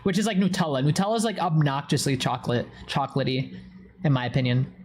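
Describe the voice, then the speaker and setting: A woman's voice: deep voice, quick pace, darkish tone, a little hiss or hum. A young woman streaming live, chatting casually and telling a story with a lot of swearing.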